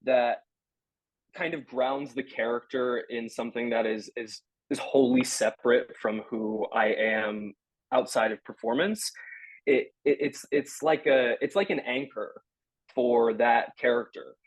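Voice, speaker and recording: A young adult man, a stage actor being interviewed, answering in a halting, earnest way as he searches for his words. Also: mid-range voice, fairly even intonation, no room sound, low-quality recording.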